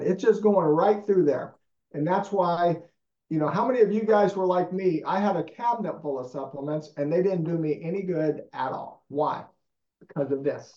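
Emphatic male guest, slightly high voice, echoey and muffled. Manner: emphatic, animated. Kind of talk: enthusiastic storytelling in conversation. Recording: echoey, dull lo-fi sound.

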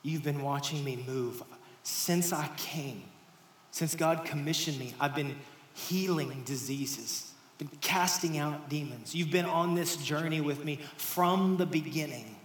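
Guy preaching, kinda high voice, goes whispery then loud, talks right to the crowd, echoey church room. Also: measured pace. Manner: shifts between hushed near-whispers and raised emphatic lines; conversational, addresses the congregation directly. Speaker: pastor. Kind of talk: sermon. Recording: roomy hall sound with faint ambience.

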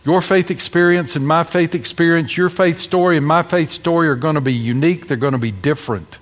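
A man's voice: a little high, brisk. Brief: male pastor, slightly raised voice, preaching with punchy emphasis and wry jokes, long hall reverb. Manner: preaching with dramatic emphasis and humorous asides. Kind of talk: sermon.

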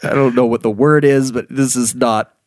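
A young adult man hosting a casual podcast chat, rambling and halting, with many fillers and quick laughs. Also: medium pitch, steady tone, no echo, clean studio sound. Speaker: podcast host.

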